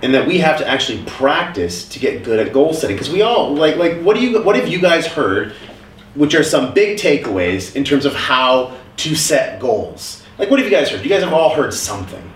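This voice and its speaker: A man hosting a casual group chat, telling stories in an animated way and swearing casually. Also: on the high side, moderate pace, a little hiss or hum. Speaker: podcast host. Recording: roomy, distant phone audio.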